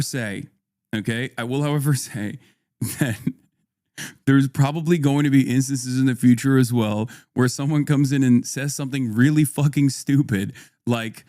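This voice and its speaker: A man's voice: medium pitch, normal speed, darkish tone, no echo, clean studio sound. Blunt, profane male streamer. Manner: profane, conversational, reads chat aloud and rebuts it. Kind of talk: casual livestream talk to chat.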